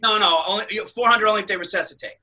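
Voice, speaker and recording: A man with a high, very bright voice tells stories in casual podcast chat. He swears freely and gets worked up as he talks. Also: racing. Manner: profane, excitable storyteller.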